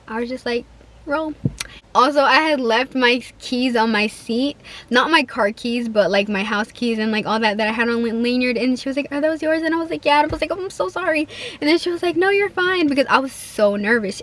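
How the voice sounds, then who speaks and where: A woman's voice: a little high, a bit bright. A teenage girl telling a casual, rambling storytime vlog, full of "like" and acted-out quotes. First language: Spanish-speaking home, bilingual. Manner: chatty, rambling, heavy use of "like", acts out quoted lines. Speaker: vlogger.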